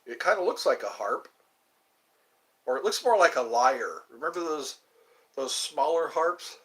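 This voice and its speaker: Guy doing a live stream from home, bit high-pitched, rambles and answers chat, lots of ums. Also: expressive, fairly bright tone. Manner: rambling, answers chat comments, halting with fillers. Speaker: livestream host. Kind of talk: casual live chat with viewers.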